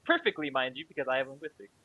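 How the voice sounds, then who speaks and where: A man playing a tabletop game, animated and joking. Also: mid-range voice, fast talker, phone-quality sound. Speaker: player.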